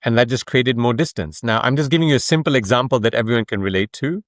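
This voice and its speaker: A man's voice: medium pitch, fast, no room sound, studio quality. A man, an author and coach, explaining his ideas in a conversational interview, emphatic and fond of rhetorical questions. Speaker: author and coach, podcast guest.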